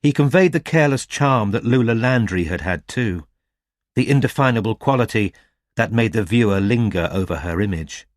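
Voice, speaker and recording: Male audiobook narrator, low voice, steady reading, dry close sound. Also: moderate pace, dry recording. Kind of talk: scripted narration.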